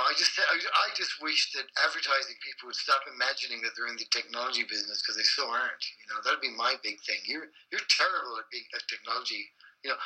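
A man's voice: medium pitch, pushed and bright, husky, poor audio. A man, an advertising copywriter guesting on a podcast, rambling and self-deprecating with frequent restarts and casual swearing. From Ireland. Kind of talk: casual interview chat.

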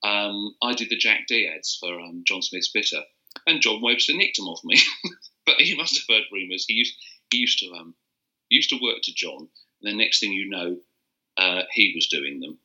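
A man's voice: fairly low pitch, expressive, normal speed, sharp tone, highs cut off. An older man, a copywriter telling rambling anecdotes with restarts in a casual interview. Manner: rambling storyteller with restarts and chuckles. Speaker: interview guest, advertising copywriter.

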